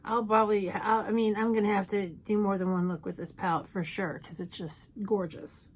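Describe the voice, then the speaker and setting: A woman's voice: mid-range voice, flat delivery, a little fast. A woman chatting casually through a makeup tutorial, playful and self-mocking. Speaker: makeup YouTuber.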